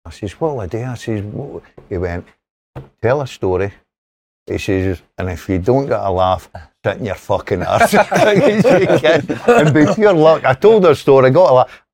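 A man's voice: on the low side, big pitch swings, normal speed, darkish tone. A Scottish man telling a story in casual podcast chat, teasing and swearing. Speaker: podcast co-host.

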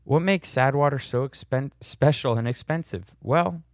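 A man's voice: medium pitch, normal speed, no echo, clean studio sound. A young man casually answering viewer questions in a blunt, sardonic way, chuckling at his own jokes. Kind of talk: casual Q&A monologue.

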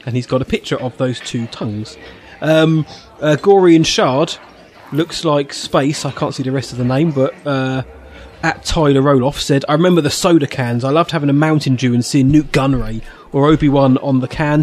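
A man's voice: medium pitch, a little mellow. A man from England co-hosting a podcast, casually chatting and reading out listener messages with a jokey manner and frequent laughs. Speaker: podcast co-host.

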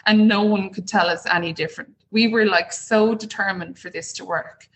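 A small business owner, guesting on an interview podcast, tells stories casually and with animation, acting out the voices she quotes. She speaks at a medium pitch and normal speed. The recording is rough, with slight background noise.

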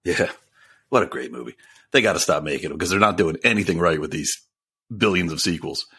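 A man's voice: deep voice, brisk, sharp tone, slightly rough. A man co-hosting a podcast in casual chat, teasing his co-host and laughing often.

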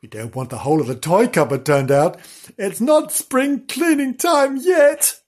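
A woman voicing a fussy female figure in a nursery who scolds in a shrill voice. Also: unhurried, darkish tone, close to an everyday voice. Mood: scolding.

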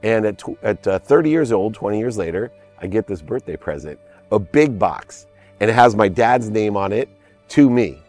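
Low-voiced man telling a heartfelt story. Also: lively intonation, moderate pace, a little mellow, faint music behind. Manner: emphatic, heartfelt storyteller who stresses key words. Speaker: interview guest. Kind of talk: personal storytelling in a podcast interview.

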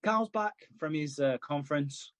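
A man's voice: on the high side, lively intonation, unhurried, a bit bright, dry recording. Male podcast co-host, loose sweary recap voice, dry close mic. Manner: sweary, rambling, acts out characters' lines. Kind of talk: casual chat recapping a soap.

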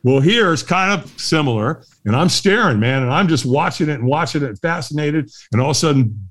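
Animated storyteller man, lively voice. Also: medium pitch, normal speed. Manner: lively, laughs often, acts out the voices of others. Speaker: guest, firewalk instructor. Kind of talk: animated storytelling in a podcast interview.

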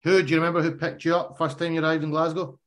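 A man's voice: fairly high pitch, little pitch movement, racing, a bit bright. A man interviewing a former teammate, asking friendly questions in casual chat.

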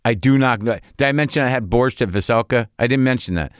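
Talking fast in a medium-pitched, clean-toned voice, this middle-aged podcast host rambles through a casual, profane monologue, restarting often and letting thoughts trail off. The recording is dry and studio quality.

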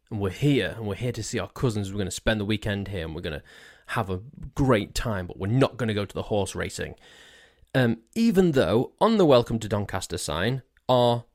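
A man talks alone into a desk mic for his podcast, his voice sitting a touch low. He rambles along in a jokey, self-mocking way and keeps tripping over his own words. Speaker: podcast host. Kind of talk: casual solo podcast monologue. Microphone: desk mic on a stand.

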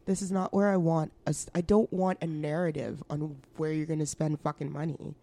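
Blunt, low-voiced woman. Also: fairly even intonation, brisk, mellow. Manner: blunt, swears often, laughs a lot. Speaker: podcast co-host. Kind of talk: casual chat.

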